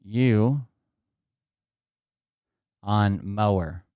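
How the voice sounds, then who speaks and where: A man with a smooth, resonant voice rambles through a casual story, swearing freely and talking straight to his viewers. He is indoors at home, and the sound is dry and close, with no room echo. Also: on the low side, drawn-out words, darkish tone. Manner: rambling and profane, addresses viewers directly. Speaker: vlogger.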